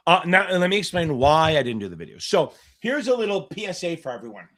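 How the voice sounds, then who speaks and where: A man's voice: fairly high pitch, sing-song, fairly bright tone. A middle-aged man tutoring for a finance exam on a live Q&A stream, talking bluntly with constant swearing. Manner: blunt, profane, rapid rants.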